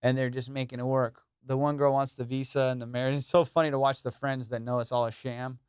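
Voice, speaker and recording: Male podcast host in his thirties, crisp and close-miked, animated storyteller. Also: mid-range voice, fast, no room sound. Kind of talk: casual podcast chat.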